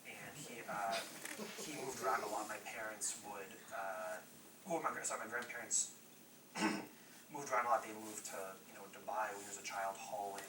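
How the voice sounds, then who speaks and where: A man's voice: fairly low pitch, fairly even intonation, normal speed. A young man from Massachusetts gives a personal testimony at a church youth service, rambling and correcting himself as he goes. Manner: rambling, self-correcting, apologetic. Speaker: youth speaker. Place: church hall. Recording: echoey hall, distant mic, noisy.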